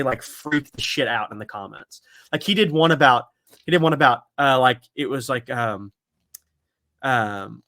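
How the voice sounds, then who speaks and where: Guy hosting a football podcast, rambly and sweary, bright sharp voice, super dry close mic. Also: mid-range voice, dry recording. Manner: rambling, profane, laughs a lot, heavy filler words. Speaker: podcast host. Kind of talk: casual podcast chat.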